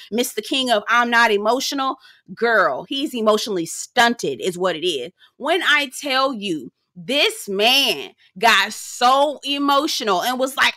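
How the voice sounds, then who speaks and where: A woman's voice: a little high, sharp tone, no room sound, clean studio sound. A young adult woman giving a sassy, blunt, profane recap of a reality show, talking straight to her viewers. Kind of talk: casual recap commentary.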